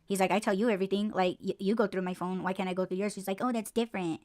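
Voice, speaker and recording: Animated, swearing woman telling stories. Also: mid-range voice, rapid-fire. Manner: animated storytelling, heavy swearing and "like" fillers. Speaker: podcast co-host. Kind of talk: casual chat.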